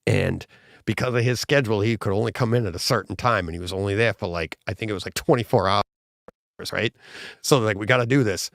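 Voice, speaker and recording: Male co-host, gravelly voice, rambling and enthusiastic, dry close sound. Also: on the low side, fast talker, fairly bright tone, no room sound. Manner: rambling, enthusiastic retelling with many restarts. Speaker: podcast co-host. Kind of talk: casual livestream chat.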